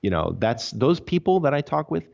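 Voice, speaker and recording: A man's voice: fairly high pitch, sing-song, moderate pace, vocal fry, darkish tone. A man, a podcast guest, recounting his story earnestly and emphatically in a casual interview. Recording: dull lo-fi audio.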